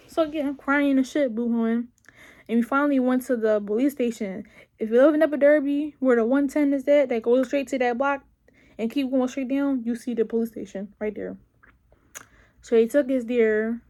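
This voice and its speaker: A young woman from around tells a casual storytime to her viewers. Her voice sits high, and she talks in an animated, profane way, acting out the people in her story. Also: fairly quick, dull audio. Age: young adult. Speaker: vlogger.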